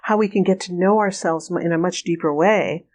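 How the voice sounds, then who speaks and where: A woman guest in a conversational interview, telling anecdotes with lively quoted dialogue and frequent laughter. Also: fairly low pitch, a little fast. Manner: animated storyteller, acts out quoted dialogue, laughs often. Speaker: remote viewing trainer, guest.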